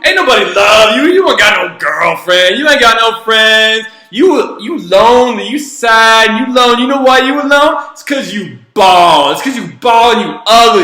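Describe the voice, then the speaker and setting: A man voicing a furious teenage girl hurling insults in a shrill, taunting shout. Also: echoey room.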